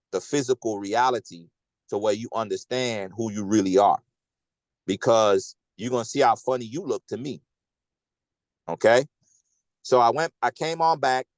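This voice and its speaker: In a close, dry recording without any room echo, a man with a middle-pitched voice hosts and casually recounts something from his own life. He's animated and slangy, and he keeps pausing to ask "okay?"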